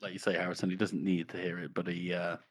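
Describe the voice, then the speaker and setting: Podcast co-host, male, very low husky voice, rambling casual talk. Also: level tone, fast, dry recording, clean studio sound. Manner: rambling, hedging with "you know" and "I reckon". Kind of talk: casual book discussion.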